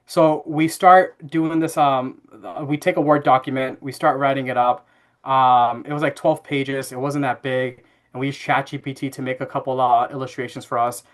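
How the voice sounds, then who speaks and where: A man in his thirties telling a family story as a podcast guest, relaxed and chatty with fillers. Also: medium pitch, normal speed. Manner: animated anecdote-telling with frequent fillers and laughs. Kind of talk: casual interview storytelling.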